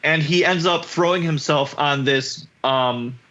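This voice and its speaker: A man co-hosting a podcast, recapping an episode in casual chat, animated and swearing, acting out characters' lines. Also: fairly high pitch, a little slow, muffled recording. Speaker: podcast co-host.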